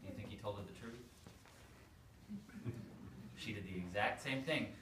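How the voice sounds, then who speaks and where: A man, a priest, telling a story to children in a playful, animated way. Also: on the low side, moderate pace, pauses often. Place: church hall. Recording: echoey room, far from mic, faint noise.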